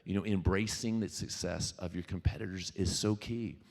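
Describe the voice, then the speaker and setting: A man's voice: low voice, steady tone, moderate pace, gravelly, darkish tone. A man from Louisiana giving a jokey, tangent-filled talk to a live audience, swearing now and then. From Louisiana, US South. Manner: jokey, tangent-prone, addresses the crowd, swears freely. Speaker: featured speaker, singer-songwriter. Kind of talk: conversational keynote talk. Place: event venue with live audience. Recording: long hall reverb from a venue PA.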